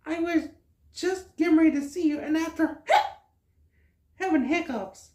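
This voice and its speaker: A woman voicing a timid baby star creature who gasps and squeaks in a high, excitable voice, with an echoey room sound. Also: unhurried. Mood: sheepish. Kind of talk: amateur cartoon voice acting.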